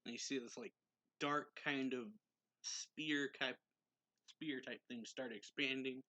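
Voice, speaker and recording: Young guy rambling thru a manga recap, bright voice, lots of likes. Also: mid-range voice, fairly even intonation, takes it slowly. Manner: rambling, filler-heavy with 'like' and 'and so'. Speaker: manga reviewer. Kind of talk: casual manga chapter recap.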